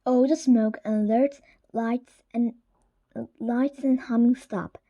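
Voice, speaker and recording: A woman's voice: on the high side, steady tone, slow, warm tone, lo-fi sound. A woman reading a children's chapter book aloud. She sometimes stumbles and corrects herself, gives the children in the story livelier voices, and drops to a whisper for asides. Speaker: reader.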